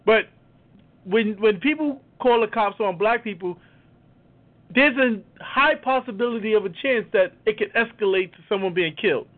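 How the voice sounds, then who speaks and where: A man's voice: sits high, normal speed. A man co-hosting a podcast, making an earnest point in casual chat. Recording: tinny phone line, a bit distant.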